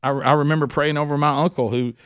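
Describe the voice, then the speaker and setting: A man's voice: a little high, fairly even intonation, fast, a bit bright, smooth, no room sound, studio quality. A man preaching a sermon as a pastor in a folksy, conversational way, full of asides and restarts.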